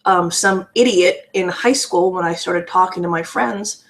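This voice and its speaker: A woman's voice: lowish voice, unhurried. A woman giving candid personal testimony in a vlog, earnest and raw, often restarting and repeating her words. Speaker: vlogger sharing a personal story.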